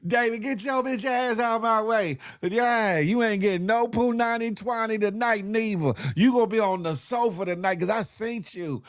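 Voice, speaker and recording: A man voicing a brassy, bragging older woman who talks loud and sassy with drawn-out phrasing. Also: sits high, fairly even intonation, clean tone. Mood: scolding.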